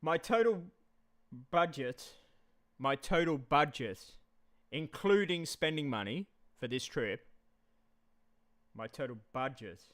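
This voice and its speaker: Aussie guy on a live stream, kinda high voice, smooth and clear, rambling at his chat. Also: expressive, takes it slowly, pauses often, fairly bright tone. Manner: rambling, repeats himself, talks straight to chat.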